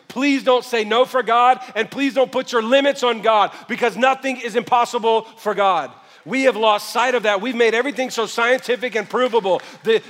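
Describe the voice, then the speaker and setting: A male pastor preaching a sermon, moving from quiet storytelling to shouted calls to the congregation. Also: very high voice, big-room sound.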